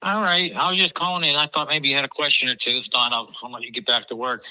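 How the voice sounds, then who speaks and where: Male caller, very bright forceful voice, halting and easygoing, dry sound. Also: medium pitch, steady tone, no echo, low-quality recording. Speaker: caller and video creator. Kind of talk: casual phone chat.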